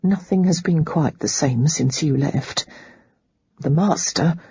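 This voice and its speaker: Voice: mid-range voice, slow, mellow, husky, no echo, muffled recording, exaggerated voice. A narrator voicing a nervous older housekeeper who speaks hesitantly and respectfully, in an audiobook. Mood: uneasy. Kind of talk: audiobook character reading.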